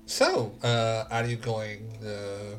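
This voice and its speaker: A man narrating as game master of a tabletop game, relaxed, laughing often, with many fillers. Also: on the low side, extremely slow. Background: faint music.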